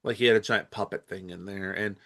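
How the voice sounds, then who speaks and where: A man's voice: deep voice, fairly even intonation, brisk, pushed and bright. A man co-hosting a podcast, chatting casually about movies, rambling and hesitant with lots of fillers. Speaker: podcast co-host.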